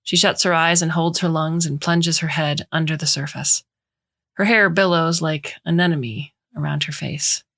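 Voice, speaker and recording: Low-voiced woman reading a story. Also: steady tone, moderate pace, creaky, fairly bright tone. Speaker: narrator. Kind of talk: scripted story narration.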